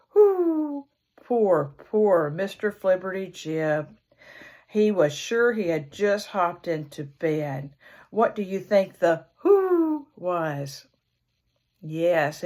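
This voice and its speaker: A woman reading a children's picture book aloud in an expressive storyteller's way, imitating the animal sounds. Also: mid-range voice.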